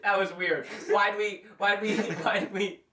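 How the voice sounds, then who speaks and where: A man from Rhode Island hosting a podcast, telling a family story in a casual, animated way with many restarts. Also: high-pitched, unhurried, recorded from a distance, slight background noise. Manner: animated, restarts a lot, often says "boys and girls". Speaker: podcast host. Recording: echoey room, away from mic.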